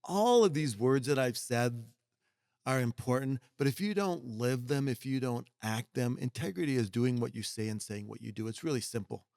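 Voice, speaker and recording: A man's voice: mid-range voice, expressive, moderate pace, gravelly, a little mellow, dry recording, clean studio sound. A middle-aged man speaking as a podcast guest, emphatic and folksy, now and then acting out what other people say. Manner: emphatic, folksy, acts out quoted voices. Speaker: guest executive mentor. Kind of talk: podcast conversation.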